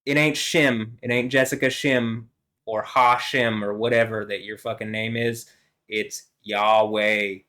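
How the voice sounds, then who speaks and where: A man's voice: fairly low pitch, steady tone, a little slow, sharp tone. A man talking by himself in a loose, rambling monologue. He swears freely and meanders between thoughts, with plenty of fillers and restarts. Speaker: vlogger.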